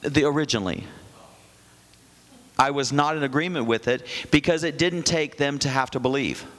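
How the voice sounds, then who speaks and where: A middle-aged male pastor preaching a sermon, excitable, with rambling asides and bursts of shouting. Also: mid-range voice, moderate pace, long reverb tail. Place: church hall.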